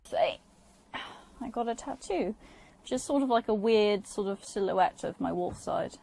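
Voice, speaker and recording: A woman's voice: mid-range voice, a little slow, vocal fry, mellow. A woman speaking in a documentary interview, gushing and hesitant, with many fillers.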